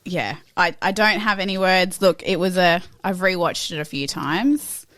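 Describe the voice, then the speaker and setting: A woman's voice: lowish voice, animated, normal speed, a bit bright, no room sound. An Australian woman, a boxer guest, chatting casually and laughing often. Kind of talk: casual chat.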